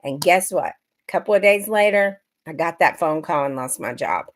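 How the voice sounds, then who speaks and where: A woman's voice: low-pitched, expressive, moderate pace. Chatty woman livestreaming. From Georgia, US. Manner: chatty, greets viewers by name. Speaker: livestream host. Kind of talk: casual livestream chat.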